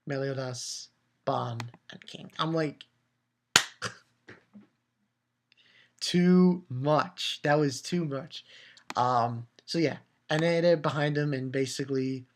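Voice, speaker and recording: A man talks through a manga chapter in a loose, rambling way. His voice sits at a middling pitch. He chuckles along and pops up into higher voices when he quotes characters. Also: fairly even intonation, slow, pauses often. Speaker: manga reviewer. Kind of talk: casual chapter review.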